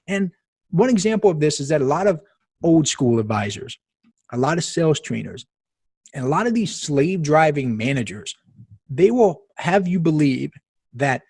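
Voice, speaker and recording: A man's voice: on the high side, darkish tone, husky, no room sound. A man hosting a podcast, talking casually and emphatically, telling stories with asides to the listener. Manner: chatty, emphatic, storytelling with asides. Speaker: podcast host.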